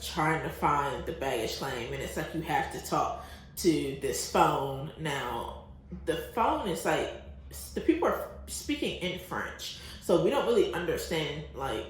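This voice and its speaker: Young American woman vlogger, unhurried and lively storytelling, laughs a lot, very roomy echo. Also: sits low, a little hiss or hum. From United States. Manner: chatty, laughs often, many fillers. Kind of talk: casual travel storytelling. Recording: very echoey room.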